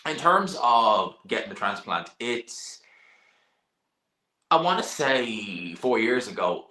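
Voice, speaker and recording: Chatty young man with a bright voice. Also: on the low side. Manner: chatty, blunt, sighs and laughs, swears now and then. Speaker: live-stream host reading chat. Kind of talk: casual live-stream chat. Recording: echoey room.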